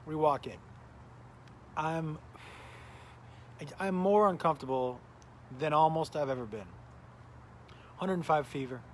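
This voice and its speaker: A middle-aged comedian talks in a loose, rambling way, stopping his own story to greet viewers. His voice sits a little high for a man and sounds worn and tired. A faint hum of noise runs behind him. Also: unhurried, long pauses. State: tired, recovering from illness. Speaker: comedian hosting a live smoking stream. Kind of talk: casual live-stream chat and storytelling.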